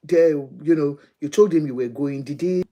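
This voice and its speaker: Woman, talk show host, very low voice, soothing. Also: moderate pace, mellow. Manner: soothing, sympathetic interjections. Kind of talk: interviewing.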